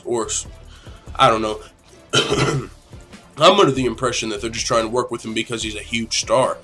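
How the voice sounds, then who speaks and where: A man's voice: mid-range voice, sharp tone. Profane young man hosting a rambling podcast. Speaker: podcast host. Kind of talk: casual podcast Q&A.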